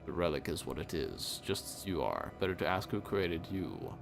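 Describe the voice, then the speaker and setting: Man putting on a hushed, solemn hooded Reaper. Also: sits low, very animated, gravelly, music in the background, voice pushed down, heavily acted. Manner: slow, hushed, formal old-style speech. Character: hooded male Reaper, enigmatic, solemn, apologetic. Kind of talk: game dialogue read aloud.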